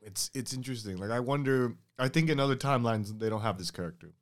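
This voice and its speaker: A man's voice: mid-range voice, fast. A man co-hosting a podcast in loose, profane, joking casual chat. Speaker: podcast co-host.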